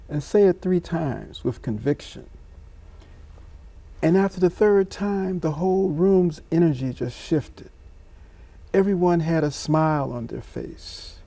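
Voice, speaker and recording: Slow gravelly man, measured speech. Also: on the high side, warm tone, no echo. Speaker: scholar guest. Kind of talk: reflective talk show discussion.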